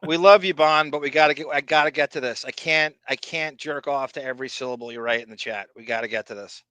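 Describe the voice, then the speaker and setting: A male podcast host talking in a rambling, profane, excitable way. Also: medium pitch, quick pace, smooth, dry recording. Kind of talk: casual podcast chat.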